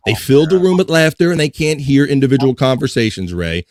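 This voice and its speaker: A man's voice: mid-range voice, animated, a little fast, few pauses, noisy background. A man hosting a casual livestream podcast, reading chat and ranting with heavy swearing and frequent laughter. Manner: profane, ranting, laughing while venting.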